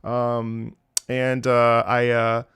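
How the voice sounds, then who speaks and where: A man's voice: mid-range voice, completely flat delivery, extremely slow, a bit bright, smooth. A man casually chatting with his viewers on a live stream, rambling and joking with chat.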